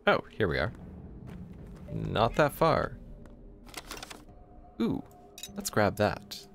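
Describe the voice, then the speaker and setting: A man's voice: lowish voice, fairly bright tone. A man giving casual, rambling commentary while playing a video game, with self-deprecating asides, reading game dialogue aloud in his own voice. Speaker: let's play gamer.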